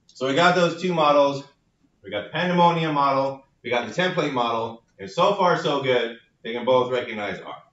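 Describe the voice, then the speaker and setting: A male university lecturer with a bright, forceful voice explains a model playfully, tying it to group chats and phones. He is recorded in a reverberant classroom from a distance, and the sound is dull and lo-fi. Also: medium pitch, expressive, moderate pace. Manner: playful, explains with everyday comparisons. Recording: echoey lecture hall, distant dull mic.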